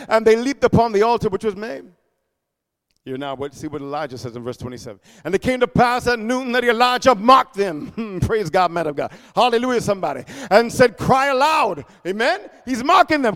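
High-voiced preacher man, sing-song and fiery. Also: animated, normal speed, in a large hall. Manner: sing-song scripture reading broken by shouted mocking asides and laughs. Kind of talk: sermon.

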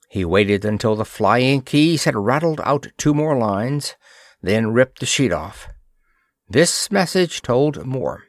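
A man reading an old pulp science fiction story aloud in a steady, dramatic storytelling manner. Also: mid-range voice, slow, no echo, clean studio sound. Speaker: narrator.

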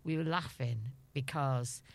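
A woman's voice: a bass voice, a little slow, gravelly. A middle-aged woman from Liverpool with a Scouse accent, chatting as an interview guest, laughing often and acting out the dialogue of her anecdotes. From Liverpool, England. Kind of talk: storytelling interview.

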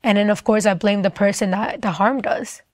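A woman's voice: medium pitch, steady tone, normal speed, no room sound. Earnest young woman sharing her testimony. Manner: earnest, emotional, frequent "like" fillers. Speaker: testimony speaker. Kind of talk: personal faith testimony.

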